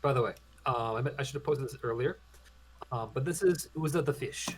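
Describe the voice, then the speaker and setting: A man's voice: mid-range voice, fairly quick, background noise. Hesitant man running a tabletop game. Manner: hesitant, many ums and restarts. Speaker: game master.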